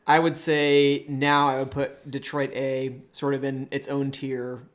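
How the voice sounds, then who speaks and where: A man co-hosting a podcast from a rental house, calmly running through tournament standings with dry jokes. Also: medium pitch. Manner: measured, analytical, with dry jokes. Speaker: podcast co-host. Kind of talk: casual tournament recap chat. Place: shared rental house, indoors.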